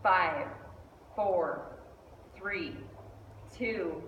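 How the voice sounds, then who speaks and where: A middle-aged woman giving a lively storytelling speech, acting out the voices of the people in her story. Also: lowish voice, very slow, distant mic, highs cut off, slight background noise. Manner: animated, acts out quoted voices. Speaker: speaker at a speech club. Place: meeting hall indoors. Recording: echoey hall, mic from afar.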